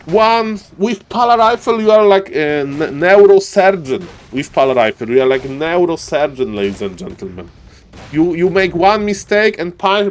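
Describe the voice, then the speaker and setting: Excitable man casting a strategy game. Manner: theatrical, shouts and exclamations, big pitch swings. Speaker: esports caster.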